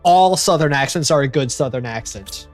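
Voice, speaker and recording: This man from Northern Virginia hosts a casual gaming stream, chatty and self-deprecating. His medium-pitched voice is expressive and moves at a moderate pace, with faint music in the background.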